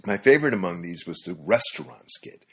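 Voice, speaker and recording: A man's voice: low voice, lively intonation, fairly quick, breathy edge. A man hosting a podcast, reading scripted narration with wry, dry-humored storytelling. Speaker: podcast host.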